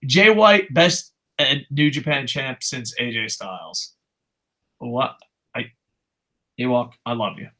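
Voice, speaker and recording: A man with a medium-pitched, fairly bright voice hosts a casual wrestling talk show as a podcast host. He's an adult with a child, and he rants passionately and profanely, swearing constantly while reading viewer comments aloud.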